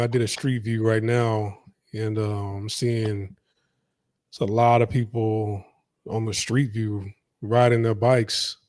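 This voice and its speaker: A man's voice: on the low side, darkish tone, dry recording, studio quality. A man hosting a casual chat, asking questions and reacting with short remarks. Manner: laid-back, reacts with short exclamations. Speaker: podcast host.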